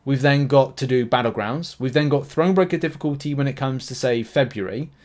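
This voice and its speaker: A man's voice: mid-range voice, fairly quick, darkish tone. A man giving casual, rambling commentary on a mobile game, full of fillers and restarts. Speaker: gaming YouTuber.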